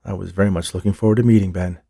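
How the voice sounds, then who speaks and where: A man voicing a calm, gentle psychic medium who speaks soothingly, in an audiobook. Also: low-pitched, racing, vocal fry, husky, no room sound, clean studio sound, exaggerated voice. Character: calm, smooth-talking male psychic medium.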